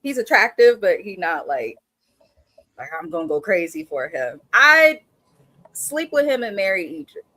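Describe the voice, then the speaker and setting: A woman speaks in an even, mid-range voice on a casual live-stream chat. She is blunt and candid, and she often stumbles and restarts her sentences. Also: medium pitch, moderate pace, dry recording. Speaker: co-host.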